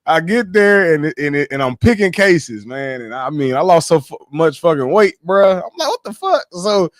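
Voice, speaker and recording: A man on a casual livestream, telling his life story in animated slang, swearing freely. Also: on the high side, moderate pace, dry recording, clean studio sound.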